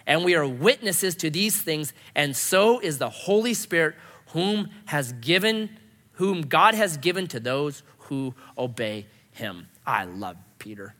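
A man's voice: a little high, lively intonation, a little slow, fairly bright tone. A man preaching a sermon, telling anecdotes and acting out the voices of the people in them. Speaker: pastor. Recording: long hall reverb.

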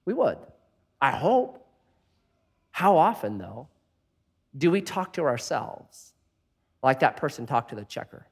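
Man pastor preaching, high voice, swings up and down a lot, jokey stories. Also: moderate pace, slightly rough. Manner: animated storytelling with jokes; drops to soft tones for prayerful points. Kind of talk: sermon.

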